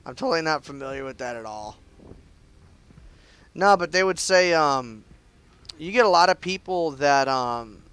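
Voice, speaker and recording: A man's voice: on the high side, lively intonation, moderate pace, long pauses, a bit bright, clean tone, no room sound. A young man chatting loosely through live gameplay commentary, with lots of fillers and restarts. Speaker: game streamer.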